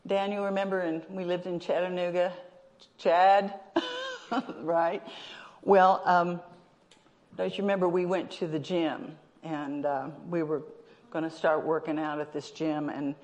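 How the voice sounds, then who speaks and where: Joking woman preacher in a reverberant hall. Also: on the low side. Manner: humorous, chuckles often, talks to the congregation. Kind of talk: sermon.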